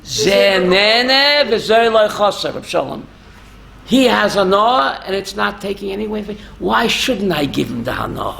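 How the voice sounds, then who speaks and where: High, gravelly-voiced rabbi telling stories. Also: male voice, moderate pace. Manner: animated, asks the audience questions. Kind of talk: storytelling Torah talk with audience.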